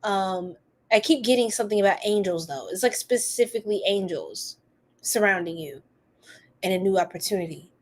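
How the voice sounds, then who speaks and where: A woman's voice: mid-range voice, moderate pace. A woman hosting a live tarot reading, chatty and giggly, rambling with lots of fillers.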